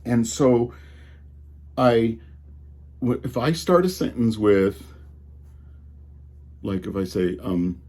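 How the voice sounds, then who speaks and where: Exasperated low-voiced man with a Colorado drawl. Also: measured pace, long pauses, mellow, slightly rough. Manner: exasperated, rambling with restarts. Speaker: tech commentator. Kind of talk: casual ranting monologue.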